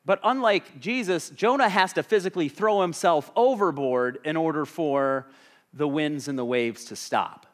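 A man's voice: on the high side, moderate pace. A man preaching a sermon as a pastor, talking conversationally and asking the congregation questions.

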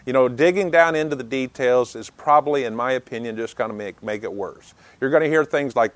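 A man's voice: mid-range voice, lively intonation, moderate pace, dry recording. A man speaking earnestly and plainly, giving advice on resolving conflict, with frequent small restarts. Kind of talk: unscripted advice talk.

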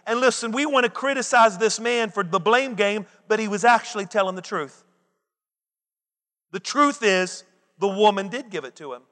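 High, bright-voiced preacher in an echoing hall. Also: male voice, normal speed. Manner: emphatic, asks the listeners rhetorical questions. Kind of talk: sermon. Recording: long reverb of a large hall.

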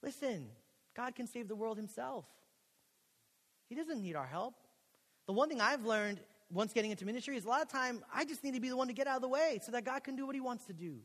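A young man from Texas, a pastor preaching a sermon in a college chapel, telling a story and acting out the dialogue with lively, casual energy. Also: very high-pitched, fairly quick. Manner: animated storytelling, acts out quoted dialogue. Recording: long hall reverb.

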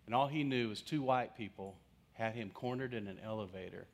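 A man's voice: lowish voice, a little fast. A male pastor preaching through a humorous personal story and acting out the quoted voices of the people in it. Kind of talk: storytelling sermon.

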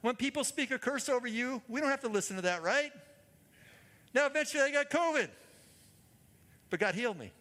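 A man preaching a sermon as a guest speaker, energetic and calling out to the congregation. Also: extremely high pitch, fairly quick, pauses often. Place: church hall. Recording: church hall reverb.

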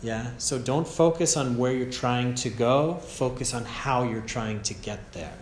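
Gentle American man teaching meditation. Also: mid-range voice, measured pace, a little hiss or hum. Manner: gentle, casual, often asks "yeah?". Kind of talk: relaxed meditation talk. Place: meditation retreat room. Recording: echoey room, faint ambience.

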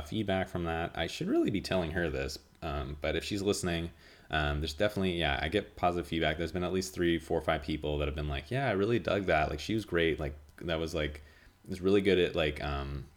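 Low nasal guy doing his podcast, rambly and monotone, lots of ums. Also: fairly quick. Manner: rambling, full of fillers and restarts. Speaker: podcast host. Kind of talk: casual solo podcast chat.

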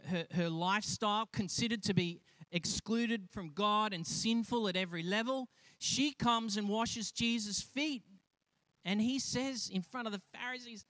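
Animated high-voiced pastor preaching. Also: male voice, clean tone, no echo. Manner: animated, acts out quoted voices, frequent restarts. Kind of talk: sermon.

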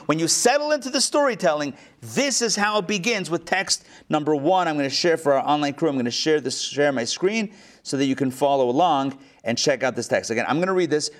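A fairly quick man with a voice on the high side leads a class through a text, joking with the group while an online audience follows along. As the teacher of this text study, he stays animated and keeps asking the group for questions in an interactive discussion.

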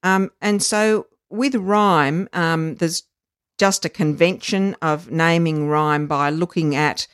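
Educator, mid pitch, unhurried teacherly explainer, close dry mic, occasional ums. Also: fairly even intonation, fairly bright tone, clean tone, dry recording. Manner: measured, teacherly, frequent ums and uhs. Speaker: literacy educator. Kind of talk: explanatory podcast chat.

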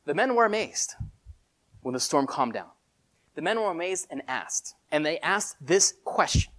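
A preacher giving a sermon in casual, animated storytelling with many filler words. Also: mid-range voice, moderate pace.

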